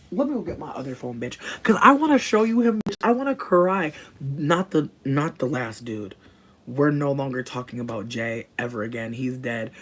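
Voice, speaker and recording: A woman chatting casually with her livestream viewers, cursing constantly and jumping into high squeals. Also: husky.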